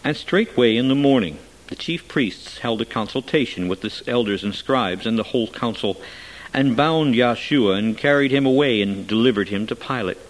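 Man giving a measured solemn scripture reading. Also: mid-range voice, lively intonation, poor audio. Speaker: scripture reader.

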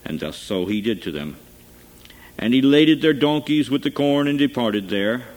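A man's voice: medium pitch, lively intonation, a little mellow, poor audio. Man reading scripture solemnly. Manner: solemn, measured delivery. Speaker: scripture reader.

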